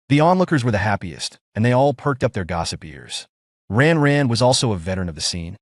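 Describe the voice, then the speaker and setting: A man's voice: fairly low pitch, very animated, brisk, no room sound, clean studio sound. A man narrating a first-person revenge story in a smug, scripted reading.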